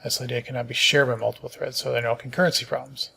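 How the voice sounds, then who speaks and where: A middle-aged man at a mid-range pitch talks through programming notes on a casual stream, his voice carrying a gravelly edge. He sounds tired and yawning. He reads passages aloud, then trails off into thinking aloud with fillers and false starts. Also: flat delivery, very fast, pushed and bright, slight background noise. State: sleepy, yawning. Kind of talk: casual live-coding stream, reading docs aloud.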